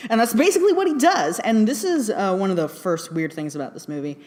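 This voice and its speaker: A woman giving a casual spoken film review, chatty and excitable, laughing often and full of fillers. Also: mid-range voice, normal speed.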